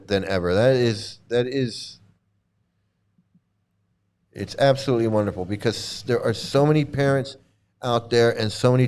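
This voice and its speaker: Blunt, sarcastic man with a smooth voice. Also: mid-range voice, darkish tone. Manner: blunt, sarcastic, swears, repeats and restarts phrases. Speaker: host reacting to videos. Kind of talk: casual reaction commentary.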